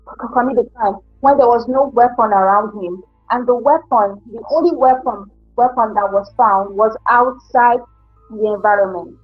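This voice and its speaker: Woman as insistent defense lawyer, high husky voice, dry dull sound, faint music. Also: normal speed. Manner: insistent, repeating phrases, formal. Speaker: defense attorney in a mock trial. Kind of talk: student courtroom role-play.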